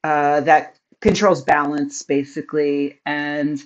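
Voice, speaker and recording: Woman vlogger, casual storytelling, low voice, unhurried, rambling with fillers, slightly dull lo-fi sound. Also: level tone. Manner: chatty, rambling with many fillers and laughs. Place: home office.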